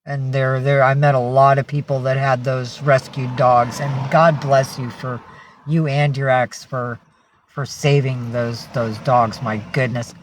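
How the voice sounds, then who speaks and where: A woman's voice: very deep voice, little pitch movement, a little slow, a little hiss or hum. A woman chatting casually on a livestream, greeting and thanking viewers by name and cooing at her pets. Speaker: livestream host.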